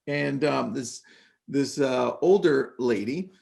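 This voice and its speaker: Gravelly-voiced man telling a story. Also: medium pitch. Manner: animated storyteller, quick asides. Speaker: podcast co-host. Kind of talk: casual panel chat.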